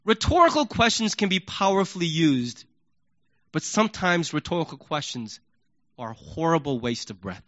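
A man preaching a sermon in an animated way, acting out yelled questions. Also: on the high side, moderate pace. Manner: animated, acts out yelling questions. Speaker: pastor. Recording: dull lo-fi recording.

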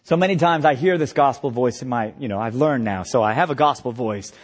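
A man preaching a sermon as pastor, impassioned, moving between quiet reflection and loud exhortation. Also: mid-range voice, brisk. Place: retreat meeting hall. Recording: long hall reverb.

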